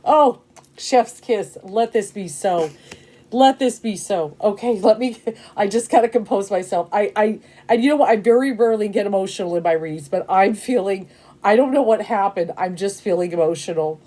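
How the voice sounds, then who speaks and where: A tarot reader gives a casual reading to camera in a mid-range voice at normal speed. She's emotional and excitable, rambling with many fillers and often checking in with "okay?"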